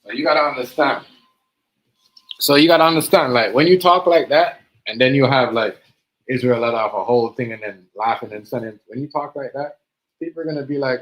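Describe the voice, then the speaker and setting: A man's voice: mid-range voice, a little fast, a bit bright. A man hosting a livestream, talking current events in casual slang with emphatic repetition. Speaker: livestream host. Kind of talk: casual commentary chat. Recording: dull lo-fi stream audio.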